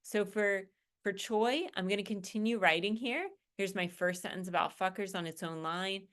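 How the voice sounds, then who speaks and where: A woman's voice: medium pitch, steady tone, moderate pace, a bit bright. A woman college English instructor in a recorded lecture, walking students through an assignment in a conversational way and often checking in with "right?" and "okay?".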